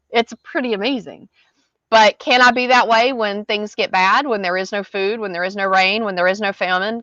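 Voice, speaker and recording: A woman's voice: mid-range voice, fairly bright tone, no room sound. Chatty woman teaching a Bible study. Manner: chatty, reads scripture then explains in everyday words. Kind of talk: casual Bible study commentary. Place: garden, outdoors. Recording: dull lo-fi dry sound.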